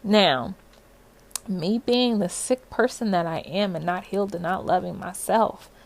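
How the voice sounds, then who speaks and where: A young adult woman telling her own story in a casual vlog, animated and full of "like" fillers. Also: medium pitch, measured pace, creaky.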